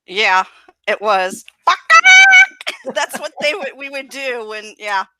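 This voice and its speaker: A woman's voice: high-pitched, huge pitch swings, slow, sharp tone, a little hiss or hum, poor audio. A woman from Southern California joining a morning talk show, playful and laughing a lot.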